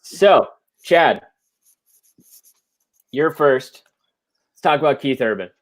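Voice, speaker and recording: A man hosting a casual online quiz show over a video call, running the rounds with jokes and quick banter. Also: medium pitch, lively intonation. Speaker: game show host.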